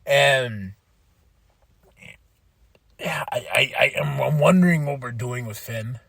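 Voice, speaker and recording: A man hosting a podcast, excitedly recapping a wrestling show in casual chat, laughing and swearing freely. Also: medium pitch, slow, gravelly, breathy edge, dry recording. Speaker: podcast host.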